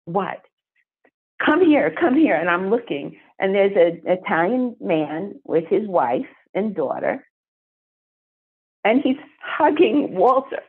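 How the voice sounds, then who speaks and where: Animated woman telling a story over a phone-like line. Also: mid-range voice, slow, breathy edge. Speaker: guest. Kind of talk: storytelling interview. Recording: phone-like narrow sound.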